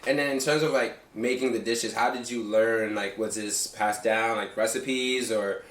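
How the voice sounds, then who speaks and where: Young man hosting an interview, loose slangy delivery, mid pitch, roomy and a bit off-mic. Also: fairly even intonation, normal speed, a bit bright, recorded from a distance. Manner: casual slang, upbeat, conversational. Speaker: interview host. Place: guest's home, indoors. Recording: roomy, mic set back.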